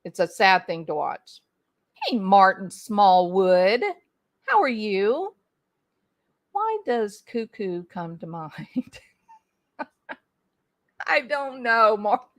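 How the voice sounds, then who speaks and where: A woman's voice: on the high side, sing-song, slow pace, long pauses, fairly bright tone. A middle-aged woman hosting a casual livestream from home, chatting folksily and addressing viewers by name. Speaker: livestream host reading chat. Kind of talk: casual chat.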